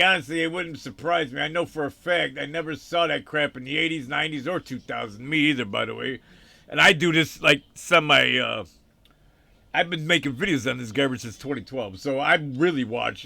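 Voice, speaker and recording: A man's voice: fairly high pitch, gravelly, pushed and bright, no echo. A man hosting his own channel, reading viewer comments aloud and rambling through sarcastic asides with frequent laughs. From United States. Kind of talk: casual rambling livestream commentary.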